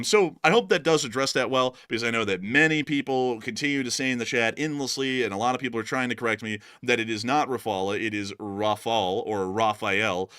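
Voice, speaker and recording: A man's voice: medium pitch, bright, forceful tone, dry recording, clean studio sound. An American man hosting a live war-news stream, talking to viewers with plenty of filler words. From United States. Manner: talkative, many filler "uh"s, addresses viewers as folks. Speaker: war news show host.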